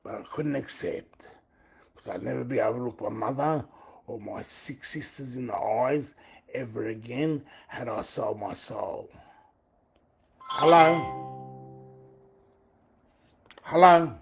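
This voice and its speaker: A man, his voice rough with a gravelly fry and a husky, raspy edge. He rambles on a live stream and keeps repeating himself, going back over the same phrases. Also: medium pitch, normal speed, darkish tone. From Australia. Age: 40s. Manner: repetitive, circling back on his own phrases. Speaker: livestream host.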